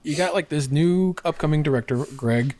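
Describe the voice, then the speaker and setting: A man's voice: a little high, normal speed, darkish tone. Eager male co-host who hedges a lot and fills gaps with fillers. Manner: eager, hedging, many fillers. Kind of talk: casual chat.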